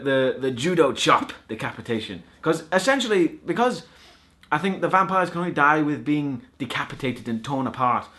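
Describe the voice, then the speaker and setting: A man talks through a film in a loose, sarcastic vlog review. His voice is bright and forceful at an ordinary pitch. He swears freely and trips over his words, repeating himself as he goes. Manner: sarcastic, swears often, restarts and stammers. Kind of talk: casual spoken review.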